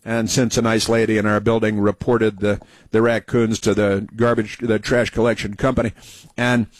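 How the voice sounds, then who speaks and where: A man's voice: on the low side, flat delivery, moderate pace, no echo. Rambling American man hosting talk radio. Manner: meandering, many fillers and restarts. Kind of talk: rambling conversational monologue.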